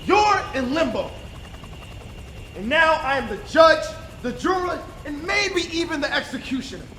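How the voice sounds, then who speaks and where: An actor playing a menacing American soldier who interrogates and threatens a prisoner, mocking him and shouting in bursts. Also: male voice, very high-pitched, lively intonation, unhurried, roomy sound, a little hiss or hum, exaggerated voice. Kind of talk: indie film drama.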